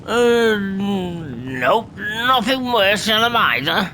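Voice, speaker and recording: A man voicing a rambling, tipsy old sailor who spins tales in rough sailor's slang and stumbles over his words. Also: sits high, animated, extremely slow, bright, forceful tone, a little hiss or hum, exaggerated voice, poor audio.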